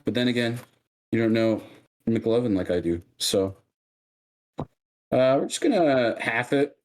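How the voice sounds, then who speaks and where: A man streaming from his home kitchen, chatting casually and joking at his own slow cooking. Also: medium pitch, lively intonation, slight background noise. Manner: joking, self-mocking, unhurried.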